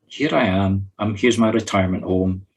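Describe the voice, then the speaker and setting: Friendly retired giant ape as a Scottish man puts him on, chatty, low and husky, in a spoken guided meditation. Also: moderate pace.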